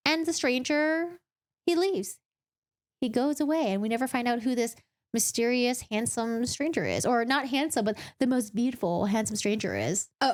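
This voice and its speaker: A young adult woman vlogger recapping a book in a chatty, animated way, with asides. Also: on the high side.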